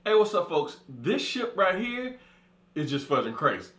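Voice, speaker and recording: A man's voice: high voice, moderate pace, roomy sound. A man telling a profane comic story as a monologue, acting out the people in it. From California. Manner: animated, profane, acts out voices. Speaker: comedian storyteller.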